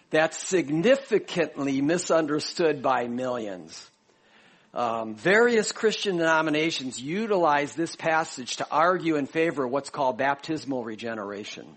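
A man's voice: on the high side, slightly rough. A pastor from Chicago preaching a sermon, explaining a passage to his congregation in a conversational way.

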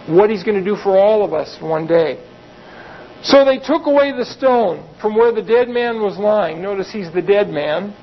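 A man's voice: high voice, lively intonation, normal speed, muffled recording. A man preaching a sermon, reading Bible verses and explaining them in a conversational way with plain asides. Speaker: pastor.

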